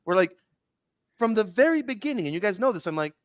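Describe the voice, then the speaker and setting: A podcast co-host, a man, ranting in casual chat, animated and profane. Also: high voice, fast, no echo, clean studio sound.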